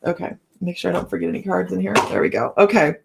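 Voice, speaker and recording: A woman's voice: fairly low pitch, sing-song, fast, vocal fry, noisy background. Chatty woman hosting a tarot stream. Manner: chatty, laughs often, greets viewers by name. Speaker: tarot reader and live-stream host. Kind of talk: casual live-stream chat with viewers.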